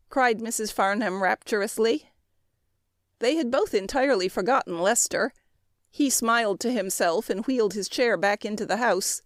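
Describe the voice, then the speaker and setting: A woman narrating a classic story in a measured, expressive reading. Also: on the high side, dry recording, clean studio sound. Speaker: audiobook narrator.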